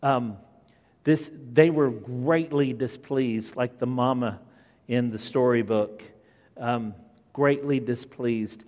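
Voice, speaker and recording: Slow-talking preacher in an echoing hall. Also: male voice, medium pitch, darkish tone, highs cut off. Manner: conversational, asks the listeners questions. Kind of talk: sermon. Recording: long echoing hall reverb.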